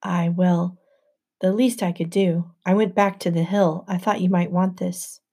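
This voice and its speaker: Woman reader doing a timid boy satyr from a storybook: stammering, apologetic, soft and warm. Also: fairly low pitch, flat delivery, measured pace. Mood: subdued. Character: anxious teenage male satyr, timid and guilt-ridden.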